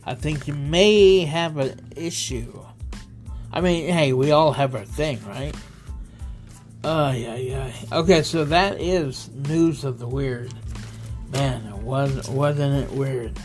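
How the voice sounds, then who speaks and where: Slow, rambling podcast host man. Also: medium pitch, soft background music. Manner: loose, rambling, stumbles over words and chuckles. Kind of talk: casual solo podcast, reading odd news.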